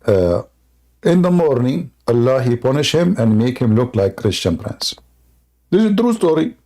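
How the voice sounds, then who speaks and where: Man, debate host, dark gravelly voice, mocking and jokey, non-native English. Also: medium pitch, sing-song, normal speed. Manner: sarcastic, joking, laughs at his own jokes. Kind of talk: mocking live debate monologue.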